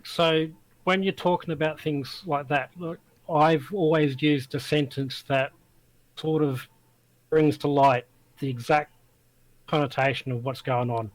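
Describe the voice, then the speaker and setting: A man's voice: on the high side, fairly even intonation, slow, long pauses, low-quality recording. An Australian man chatting as a guest, blunt and emphatic, swearing casually. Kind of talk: casual chat.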